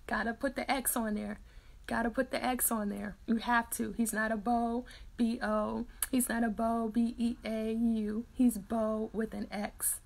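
Chatty woman with a gravelly edge. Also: on the high side, flat delivery, unhurried. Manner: chatty, laughs often, reads out viewer comments. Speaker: host of a daily Bible reading livestream. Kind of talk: casual chat with live viewers.

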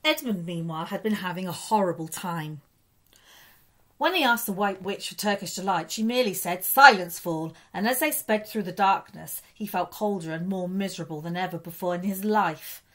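Female teacher narrating a kids' book, expressive storyteller delivery. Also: fairly low pitch, fairly quick. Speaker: primary school teacher. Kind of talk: reading a children's story aloud.

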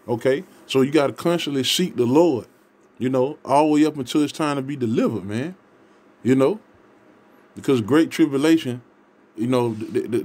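A man's voice: mid-range voice, darkish tone. A man preaching a scripture sermon, reading verses aloud and stressing each point with repeated words and "okay?" checks. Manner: emphatic, repetitive, ends points with "okay?".

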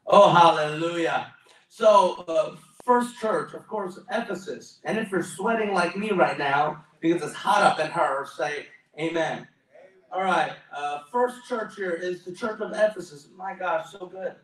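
A man preaching a sermon in a church, his somewhat high voice bouncing around a roomy hall. He stands back from the microphone. He is exclamatory and keeps calling on the congregation to answer him. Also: a little slow, a bit bright. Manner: exclamatory, calls for audience responses. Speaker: pastor. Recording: roomy echo, mic at a distance.

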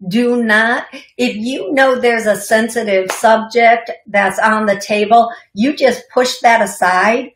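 A woman's voice: on the high side, fairly even intonation, slow, roomy sound, slight background noise. A woman psychic medium hosting a call-in radio show, chatty and reassuring, with giggly asides.

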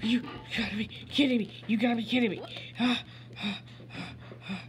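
A woman voicing an excitable male cowboy toy sheriff in gameplay commentary, repeating and sputtering words. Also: on the high side, moderate pace, natural voice. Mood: frustrated. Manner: repeats phrases over and over, sputters and stammers. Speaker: gamer playing in character.

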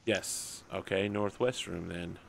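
Gravelly-voiced man running a tabletop game. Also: low voice, fairly even intonation, slow. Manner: joking banter between descriptive narration. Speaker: game master.

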